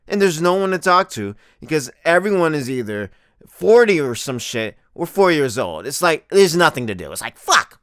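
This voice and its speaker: Animated young man ranting crudely. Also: fairly high pitch, clean tone, dry recording, clean studio sound. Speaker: comedy vlogger. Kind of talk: profane comedic rant.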